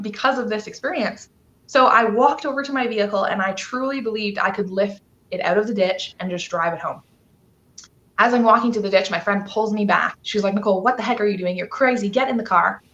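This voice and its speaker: A woman's voice: on the high side, fairly bright tone, lo-fi sound. A woman from Canada, a guest telling a personal story on a live stream, earnest and emotional, rambling with fillers.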